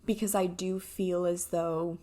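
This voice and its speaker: A woman in her twenties speaks slowly in a reflective personal vlog, her voice low-pitched and flat. She is soft-spoken and halting, with plenty of fillers, and sounds emotional and close to tears. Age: 20s. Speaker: vlogger.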